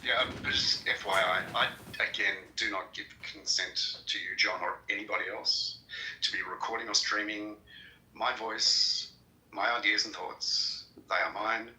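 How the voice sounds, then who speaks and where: A man's voice: lowish voice, steady tone, bright, forceful tone. A man in an online audio room firmly and steadily insisting on his point. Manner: firm, measured, insistent. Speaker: participant in a social audio room. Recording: echoey with clear background noise.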